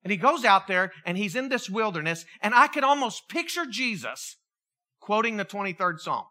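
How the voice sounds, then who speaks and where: A middle-aged preacher giving a sermon as an animated storyteller who acts out quoted voices and adds jokey asides. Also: mid-range voice, moderate pace.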